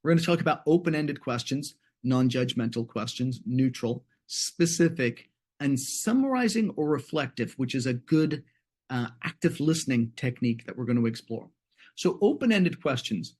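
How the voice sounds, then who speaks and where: A man's voice: mid-range voice, moderate pace. A middle-aged man presenting a webinar and teaching, talking conversationally and acting out bits of dialogue in other voices. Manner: animated, acts out dialogue in different voices. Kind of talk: conversational training talk with acted examples.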